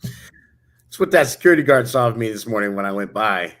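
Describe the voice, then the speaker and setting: A man talks fast and with energy, co-hosting a motivational podcast. He tells stories and acts out each part of the dialogue himself. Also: fairly low pitch. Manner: energetic storyteller acting out quoted dialogue. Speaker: podcast co-host. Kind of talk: motivational casual chat. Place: Las Vegas hotel.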